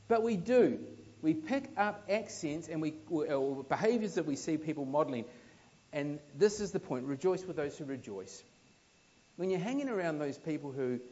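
A man from New Zealand with a New Zealand accent, preaching a sermon in a conversational, anecdotal way, with emphatic swells that drop to soft asides. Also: on the high side, lo-fi sound.

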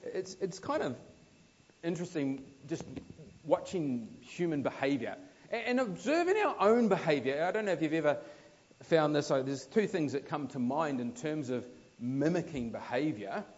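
A man from New Zealand with a New Zealand accent, preaching a sermon in a conversational, anecdotal way, with emphatic swells that drop to soft asides. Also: on the high side, big pitch swings, normal speed, lo-fi sound.

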